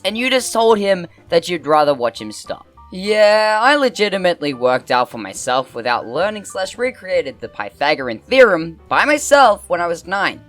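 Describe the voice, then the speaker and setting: A woman hosts and narrates, reading funny posts aloud and reacting with exaggerated, sarcastic asides. Her voice sits a little low and swings widely in pitch. Soft background music runs quietly underneath. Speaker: host and narrator.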